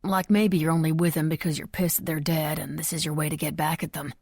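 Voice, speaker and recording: A woman's voice: sits low, level tone, fast, a little mellow, husky, dry recording. A woman voicing a blunt, teasing young man. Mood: probing. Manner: casual, blunt, lightly mischievous. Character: easygoing teasing young man, old friend. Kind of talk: audiobook character voice. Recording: dry close recording.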